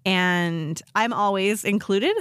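A woman co-hosting a podcast in casual chat, telling a story with lively quoted voices. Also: medium pitch, slow, a little hiss or hum. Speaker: podcast co-host.

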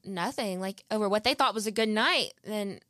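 A young woman, co-hosting a casual podcast and telling a story in an animated way. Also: mid-range voice, moderate pace, no room sound, clean studio sound. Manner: animated storyteller, acts out quotes, laughs often. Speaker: podcast co-host.

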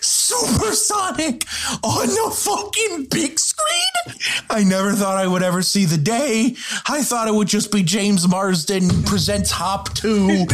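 Young male host, lively swooping delivery, high-energy fan gushing. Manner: hyped, loud, laughing, swearing. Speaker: podcast host. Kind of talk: casual film chat.

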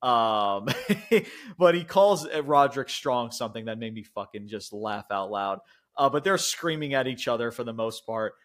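A man's voice: medium pitch, normal speed. A young man co-hosting a podcast, recapping events in loose, rambling casual chat full of fillers, swearing and frequent laughs. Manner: animated retelling, laughs often. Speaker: podcast co-host.

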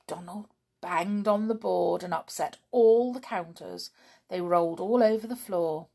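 A woman reading a children's story aloud, in an expressive, unhurried way. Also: fairly low pitch, creaky.

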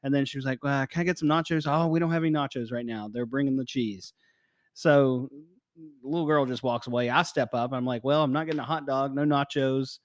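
A man co-hosts a sports podcast, retelling a frustrating outing with wry, exasperated humor. His voice is mid-pitched and dry, close to the mic. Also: brisk, dry recording. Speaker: podcast co-host. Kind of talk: casual sports chat.

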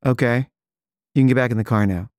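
A man's voice: medium pitch, a little fast, a little mellow, dry recording, studio quality, natural voice. A man voicing a curt male police officer who gives blunt commands.

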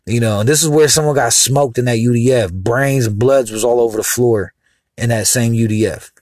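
A man talks in a loose, rambling monologue, getting heated and throwing in crude asides. His voice sits at an ordinary middle pitch. The sound is dry and close, with no room around it. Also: brisk, a little mellow, no echo. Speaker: podcast host. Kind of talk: casual monologue.

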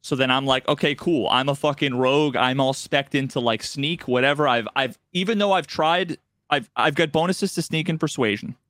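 A man co-hosting a casual gaming podcast, telling a story with lively shifts and acting out game characters' lines. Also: mid-range voice, normal speed, dry recording, studio quality. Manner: animated storyteller, acts out game dialogue in raised voices. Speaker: podcast co-host.

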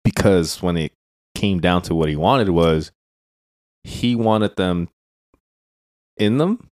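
A man with a low voice co-hosting a crude, casual podcast. He rambles loosely, filling his sentences with "like" and "right.". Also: takes it slowly, darkish tone, no room sound, studio quality. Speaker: podcast co-host.

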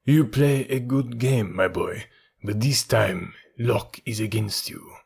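A stern old detective, voiced by a male audiobook reader, speaking slowly in a low, gravelly voice. His tone is husky and carries firm authority, like a storybook lawman cornering his suspect. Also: darkish tone, heavily acted.

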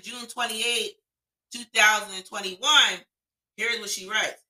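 A woman's voice: mid-range voice, fairly even intonation, takes it slowly, sharp tone, low-quality recording. A woman co-hosting a podcast, chatting casually and giving blunt, opinionated takes with some swearing. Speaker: podcast co-host. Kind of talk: casual chat.

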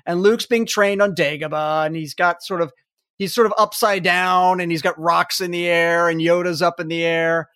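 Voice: medium pitch, fairly even intonation, normal speed, a bit bright, dry recording. An enthusiastic podcast host rambles happily through a casual chat, full of fillers. The mic is close and dry, with no room sound.

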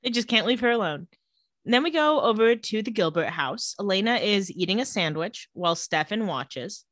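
A woman's voice: mid-range voice, normal speed, no room sound. A woman co-hosting a casual podcast, recapping an episode with lots of laughter and playful asides. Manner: lively, giggly, acts out quoted lines.

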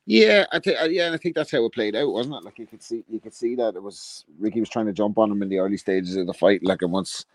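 A man analysing a boxing match on a podcast, rambling quickly with tag questions. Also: on the low side, no room sound. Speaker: podcast guest. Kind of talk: casual boxing chat.

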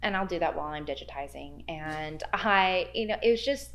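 Lively woman telling a ghost story. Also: moderate pace. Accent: American Midwest. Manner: animated storyteller, acts out quoted dialogue with big pitch jumps. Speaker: guest, library archives worker. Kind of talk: storytelling in a podcast interview.

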